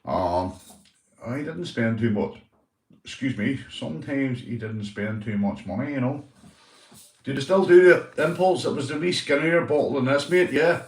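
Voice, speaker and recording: A man's voice: mid-range voice, lively intonation, normal speed. A Northern Irish man hosting a casual livestream chat, rambling and swearing, calling everyone mate. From Northern Ireland. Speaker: livestream host. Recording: echoey room, mic at a distance.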